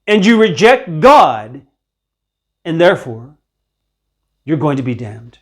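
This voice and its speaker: A man preaching a stern video sermon on scripture, rebuking listeners in a terse but gentle tone. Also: on the high side, big pitch swings, slow, pauses often. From Ukraine.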